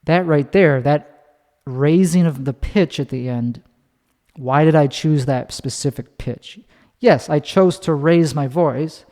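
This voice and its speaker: A man with a slightly high voice rambles through a casual monologue, swearing freely and restarting his sentences. His words ring out with a long reverb, as if he were in a big hard room. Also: takes it slowly, dark tone. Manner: rambling, profane, restarts often, demonstrates pitch with his voice. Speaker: podcast host.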